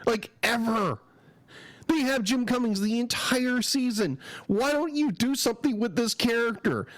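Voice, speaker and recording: A man's voice: very high-pitched, lively intonation, unhurried, no room sound. A man with a head cold chats on his podcast, rambling eagerly and restarting his sentences. His voice sits close to the mic in a dry, dead room. He is a regular co-host of the show. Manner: enthusiastic, rambling, with frequent restarts. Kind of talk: casual chat.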